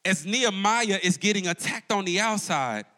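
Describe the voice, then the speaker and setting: A campus pastor addresses a congregation in a church auditorium with a live call-and-response sermon, calling out to the crowd. His voice sits high and sounds sharp and expressive at a moderate pace, swinging up and down for emphasis.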